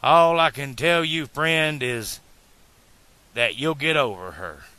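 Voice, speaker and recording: A man's voice: a little high, slow, bright, forceful tone, no room sound, voice pushed up. A man reading an audiobook, voicing a jovial, concerned traveling barbed-wire salesman.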